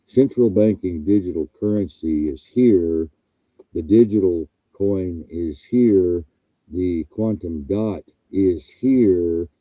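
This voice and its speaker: A man's voice: fairly low pitch, no room sound. A man hosting a talk show, delivering an angry, profane, emphatic rant over a muffled line. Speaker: show host. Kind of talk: ranting talk-show monologue.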